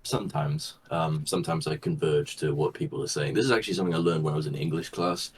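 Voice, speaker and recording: A man's voice: a bass voice, fast talker, slightly rough. A man chatting as a guest, explaining things in a matter-of-fact way. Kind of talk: casual chat.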